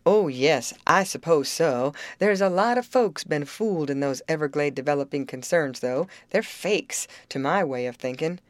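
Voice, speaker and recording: A woman reading an audiobook, voicing a grim, defensive older uncle who justifies himself gruffly. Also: low voice, expressive, normal speed, hardly any pauses, no echo.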